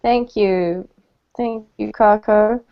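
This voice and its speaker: A woman English teacher giving an online lesson, encouraging and modeling words slowly over a video call. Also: mid-range voice, steady tone. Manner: encouraging, clarifies pronunciation with slow modeled words. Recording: dull lo-fi call audio.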